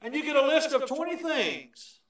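A high-pitched male preacher delivers an emphatic sermon, swinging between booming points and quiet asides. He is heard from some distance off the mic, and the sound rings through a very echoey church hall. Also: big pitch swings, moderate pace. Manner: emphatic, varies volume from loud to hushed.

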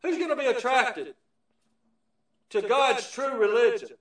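A high-pitched male preacher delivers an emphatic sermon, swinging between booming points and quiet asides. He is heard from some distance off the mic, and the sound rings through a very echoey church hall. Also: animated, a little slow. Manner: emphatic, varies volume from loud to hushed.

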